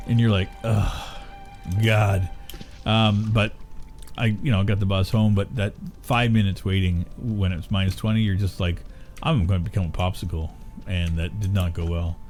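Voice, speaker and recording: A middle-aged man with a lowish voice talks casually while streaming a game. He rambles, grumbles and swears freely, with faint game music playing behind him. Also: fairly even intonation, normal speed, darkish tone. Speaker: gaming streamer. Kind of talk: casual chat while gaming.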